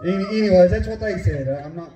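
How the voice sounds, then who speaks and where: A man with a West Virginia Appalachian accent preaching a sermon, folksy and fervent, at times rising to shouts. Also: sits high, quick pace, over music. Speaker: pastor. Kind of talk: sermon with personal storytelling. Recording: echoey church room.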